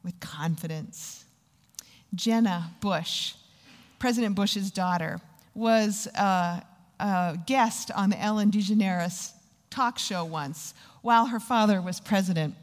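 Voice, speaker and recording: A woman giving a sermon, telling stories and slowing down for emphasis. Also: medium pitch. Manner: storytelling, acts out quoted voices, slows down for emphasis. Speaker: Bible teacher. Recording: long hall reverb.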